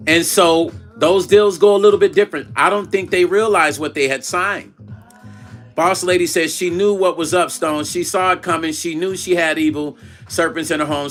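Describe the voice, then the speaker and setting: Bright-voiced man livestreaming, music underneath. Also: on the high side. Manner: reads viewer chat aloud and retells calls in quoted dialogue. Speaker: vlog host. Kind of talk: casual livestream storytelling.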